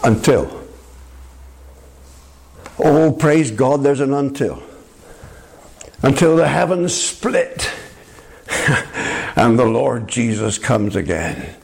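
An older man delivers a sermon with a lively, rising and falling pitch. His voice has a husky edge, and he speaks emphatically, turning to his listeners directly. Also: takes it slowly, pauses often. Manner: animated, emphatic, addresses listeners as my friend. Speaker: preacher.

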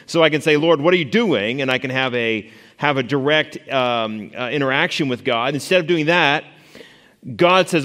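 A man's voice: medium pitch, lively intonation, normal speed, fairly bright tone, big-room sound. A man teaching a Bible study lesson to a class, talking conversationally with fillers and restarts and asking the group questions. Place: classroom or church hall with a board. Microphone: stationary mic he moves away from while walking.

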